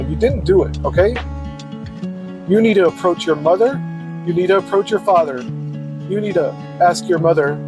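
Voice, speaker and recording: Guy preaching blunt in a casual monologue, cusses a lot, pretty high voice. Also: moderate pace, over music. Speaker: podcaster.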